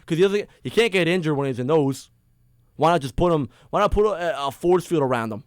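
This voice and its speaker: A young man hosting a sports podcast, ranting in a heated, exasperated way, loud one moment and muttering the next. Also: on the high side, lively intonation, a little fast, no echo, studio quality. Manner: heated, exasperated, swings between loud complaints and mumbling asides. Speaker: podcast host. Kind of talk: casual sports rant. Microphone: headphones on, close mic.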